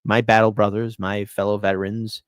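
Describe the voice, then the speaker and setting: A man's voice: lowish voice, little pitch movement, normal speed, dry recording, studio quality. A man hosting a casual solo commentary show, speaking earnestly and repeating phrases for emphasis. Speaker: host.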